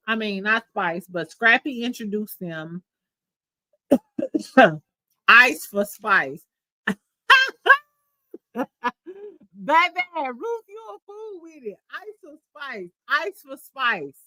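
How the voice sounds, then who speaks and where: A woman's voice: on the high side, pushed and bright, no room sound, rough recording. A woman hosting a podcast, recapping reality TV in casual, profane, gossipy chat. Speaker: podcast host.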